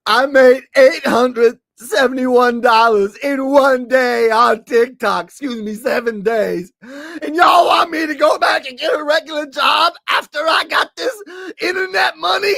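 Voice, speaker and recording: A man doing a shrill wailing whiner. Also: a little slow, creaky, no echo, heavily acted. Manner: high-pitched wailing shouts. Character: whiny upset young man, mocking impression.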